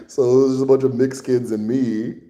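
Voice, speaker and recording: A man's voice: mid-range voice, mellow. A man hosting a casual livestream Q&A, answering viewer questions in a loose, rambling way, swearing and chuckling often.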